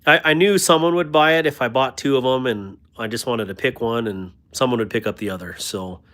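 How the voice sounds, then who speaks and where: A man's voice: mid-range voice, fairly quick. A man hosting a casual livestream, chatting about knives, reading viewer comments and joking about himself. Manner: chatty and self-deprecating, thanks viewers warmly. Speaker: host of a knife livestream.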